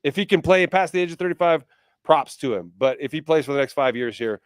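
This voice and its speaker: Man, sports co-host, higher-pitched, chatty, teasing, dry close sound. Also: animated, fast, dry recording. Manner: chatty, teasing, rattles off names. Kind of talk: sports talk radio chat.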